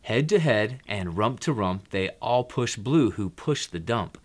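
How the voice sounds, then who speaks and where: Low-voiced man reading a picture book aloud. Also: lively intonation, a little slow.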